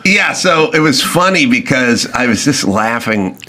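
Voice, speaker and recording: A man telling rambling, animated stories as co-host in a casual podcast chat. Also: mid-range voice, measured pace.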